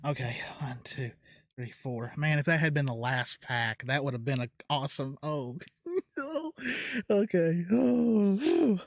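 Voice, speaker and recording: A man's voice: medium pitch, normal speed, no room sound. A man filming a card pack unboxing at home, talking to himself as he sorts cards into piles and gasping and tearing up over his good pulls, speaking into a desk mic. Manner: excitable, gasping, near tears; talks to himself while sorting cards. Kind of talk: casual unboxing commentary. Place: home at night, quiet.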